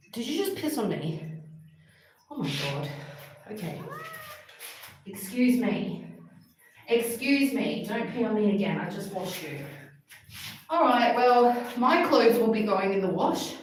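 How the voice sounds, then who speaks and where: A woman's voice: fairly high pitch, distant mic, a little hiss or hum. A woman on a livestream chatting and coaxing her cats through a wash in a small bathroom, breathless and exasperated. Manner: fussing and coaxing pets, exasperated. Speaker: vlogger washing her cats. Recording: very echoey bathroom, off-mic.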